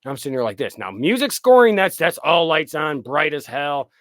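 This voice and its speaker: A man's voice: fairly high pitch, sing-song, normal speed, a bit bright, dry recording. A man, a film director guest, chatting casually on a podcast, swearing freely and acting out his own reactions.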